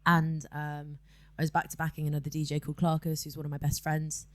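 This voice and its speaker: A woman's voice: low-pitched, completely flat delivery, brisk. A woman guest DJ chatting casually on a podcast, filling her talk with ums and repeated yeahs.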